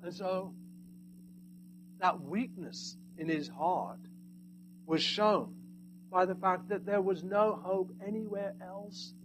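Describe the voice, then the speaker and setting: A high-pitched male preacher delivering a sermon with sharp swings in volume, booming one moment and dropping to near-whispers the next. A faint hum sits under the recording. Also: takes it slowly, pauses often. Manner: dynamic, swinging from loud emphasis to hushed asides.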